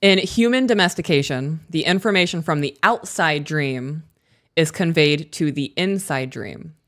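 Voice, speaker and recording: A woman co-hosting a podcast, talking casually and telling stories in a candid, animated way, swearing freely. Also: deep voice, a little slow. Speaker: podcast co-host.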